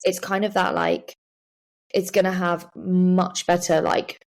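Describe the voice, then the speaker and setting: A young woman talks in a relaxed, chatty way, her words full of fillers and "like"s. Her voice sits fairly low and has a gravelly fry to it. It sounds like a casual podcast interview. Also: measured pace. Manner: chatty, many fillers and likes. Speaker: guest, professional cyclist.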